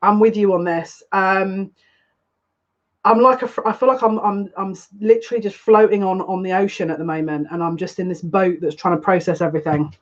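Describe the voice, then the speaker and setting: Dull, lo-fi stream audio with faint noise captures a woman's brisk, mid-range voice with fairly even intonation. A psychic tarot reader, she hosts a casual live reading stream, greeting viewers by name in a chatty, rambling way.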